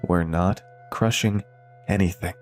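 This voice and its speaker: A man's voice: low voice, a little slow, soft background music. Man playing an eager, proud engineer. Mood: excited. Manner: excited, eager. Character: excited, proud male engineer.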